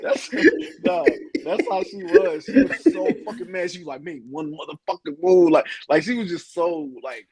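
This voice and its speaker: Laid-back, cussing podcast co-host. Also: male voice, high-pitched, huge pitch swings, crowd noise, rough recording. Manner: laid-back, profane, halting restarts. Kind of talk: casual recap chat.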